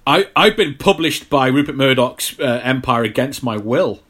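A man's voice: medium pitch, lively intonation, normal speed, a bit bright. A man co-hosting a casual film-review podcast, easygoing and rambling with plenty of fillers. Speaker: podcast co-host.

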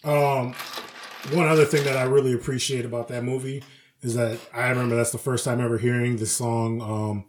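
A man co-hosting a podcast, telling animated work stories in casual, profane chat and acting out his coworkers' lines. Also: mid-range voice, a little fast, slight background noise. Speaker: podcast co-host.

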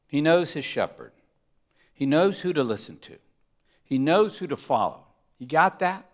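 Emphatic male preacher. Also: mid-range voice. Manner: emphatic, swings between loud punches and hushed asides. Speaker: pastor. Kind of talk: sermon.

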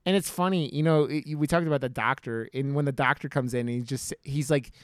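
A male podcast co-host who jokes around and keeps the energy up, often dropping in filler questions. His pitch is ordinary. The recording is dry and close. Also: fast, no echo. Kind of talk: casual chat.

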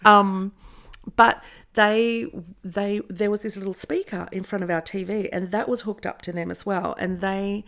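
Gravelly woman telling a story. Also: mid-range voice, measured pace. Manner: chatty, animated storytelling with acted-out quotes. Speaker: guest. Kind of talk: storytelling in a podcast interview.

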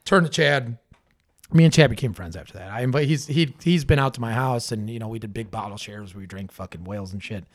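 A man's voice: medium pitch, fast. A man in his thirties chatting casually as a podcast guest, loose and profane, full of fillers and restarts. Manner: laid-back, heavy swearing, lots of fillers. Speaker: brewery owner guest.

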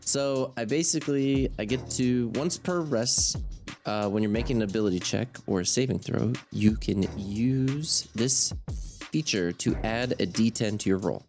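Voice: medium pitch, unhurried, music in the background. A player in a tabletop game, talking casually and wryly about his moves.

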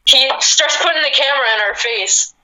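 A woman from a band telling a story in an interview, animated, full of "like" fillers. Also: high voice, normal speed, a crowd in the background, low-quality recording. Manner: animated, fillers like "like", laughs easily. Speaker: band member guest.

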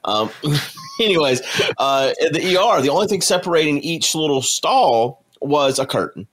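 A man's voice: fairly high pitch, lively intonation, moderate pace, a bit bright. A man chatting casually on a call, telling a long rambling story with dry, sarcastic jokes. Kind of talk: casual chat.

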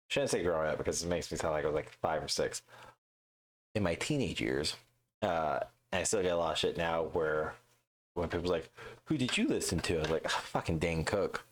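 Very deep-voiced profane man ranting. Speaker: podcast co-host. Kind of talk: casual chat.

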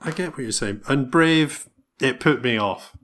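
A man co-hosting a casual podcast chat, blunt and quick to laugh. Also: mid-range voice, lively intonation, fairly bright tone. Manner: blunt, laughs often, swears freely. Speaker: podcast co-host.

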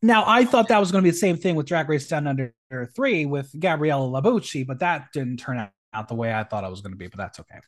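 Animated podcast host, lively pitch. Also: fast talker, few pauses. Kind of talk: casual chat.

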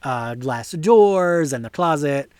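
Dude w a highish voice rambling about a movie, lots of um and like, dry sound. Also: male voice, lively intonation, slow pace, darkish tone, smooth, no echo. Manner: hesitant, many fillers, enthusiastic opinions. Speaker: podcast co-host. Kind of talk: casual movie review chat.

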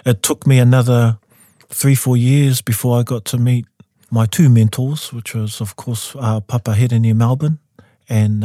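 A man in his forties with a New Zealand accent, a composer guest telling his story in a studio interview and jumping into high voices when he quotes people. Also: warm tone, no room sound. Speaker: guest, composer and taonga pūoro player.

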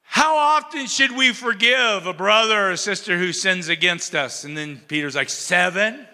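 A man preaching a sermon in a conversational, animated storytelling way, acting out the characters' lines. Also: sits high, moderate pace, big-room sound. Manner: conversational, asks the audience "you know what I'm saying".

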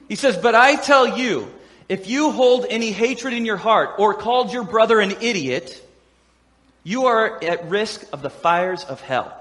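A man preaching a sermon as pastor, animated and laughing often as he acts out the voices of crowds and quotes. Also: high voice, unhurried. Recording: echoey hall with long reverb.

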